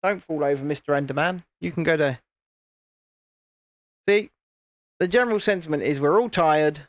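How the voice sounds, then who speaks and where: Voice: mid-range voice, moderate pace, dry recording. A British host chatting casually on a livestream from home, reading chat messages aloud and laughing often, recorded on a phone. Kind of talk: casual live chat while building. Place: home, indoors, in the evening. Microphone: phone camera.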